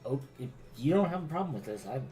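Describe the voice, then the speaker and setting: A man's voice: medium pitch, very animated, fast, mellow. A man playing a tabletop game, easygoing and offering suggestions in casual talk. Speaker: player.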